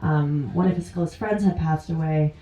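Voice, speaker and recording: A woman's voice: low voice, moderate pace, mellow. A woman from Ontario, Canada, telling a true personal story live on stage in a chatty way and often laughing through her words. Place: indoor stage at a small live venue. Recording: roomy, distant live-venue sound.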